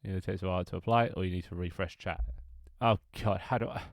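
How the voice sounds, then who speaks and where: A man's voice: sits low, steady tone, fast, gravelly, dry recording, clean studio sound. A man with a stuffy, congested nose, rambling and joking casually while streaming his game development work live. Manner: rambling, self-mocking, swears casually.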